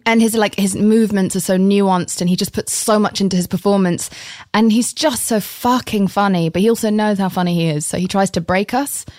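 A woman with an English accent, a guest on a podcast telling lively stories and swearing casually. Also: medium pitch, a little fast, no echo, studio quality. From England. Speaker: actress guest. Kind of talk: casual interview chat.

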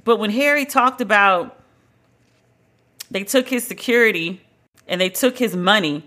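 A woman hosts a solo podcast in an unhurried, medium-pitched voice that sounds pushed and bright. She speaks bluntly and emphatically in a conversational way, stretching out the words she stresses.

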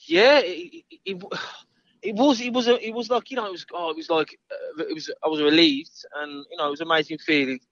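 A man's voice: fairly high pitch, fairly quick, vocal fry, fairly bright tone, no room sound, highs cut off. A man, a guest in an interview, talking in an easygoing, rambling way and repeating his words. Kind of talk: casual interview chat.

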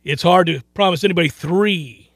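A man hosts a sports talk radio show in a noticeably high voice. He talks casually and with excitement, often laughing and repeating himself. The sound is close and dry, straight into a studio microphone. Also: normal speed, creaky, no echo.

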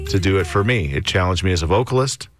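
Deep-voiced, chatty male radio host. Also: animated, fast talker. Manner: easygoing, chatty. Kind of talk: casual morning show banter.

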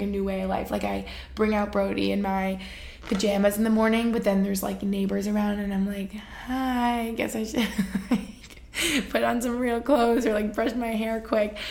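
Chatty young woman with vocal fry. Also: mid-range voice. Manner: chatty, lots of fillers, laughs while telling stories. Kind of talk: casual storytelling chat.

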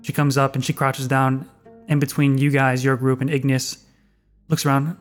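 A man narrating a tabletop role-playing game as game master, in a calm storytelling manner. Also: mid-range voice, normal speed, soft background music.

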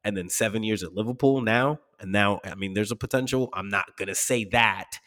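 A man's voice: on the low side, brisk, fairly bright tone. Profane laughing man, reverby room. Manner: blunt, profane, laughing often. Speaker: podcast co-host. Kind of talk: casual sports podcast chat.

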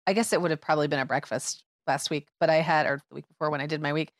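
A woman's voice: low-pitched, fairly even intonation, racing, dry recording, clean studio sound. A woman in her thirties co-hosting a podcast, telling stories animatedly and laughing often. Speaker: podcast co-host. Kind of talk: casual chat.

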